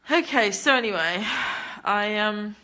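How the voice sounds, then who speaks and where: Young woman, bright tone, blunt and candid, casual confessional livestream. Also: medium pitch. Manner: blunt, candid, swears freely. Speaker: livestreamer reading chat.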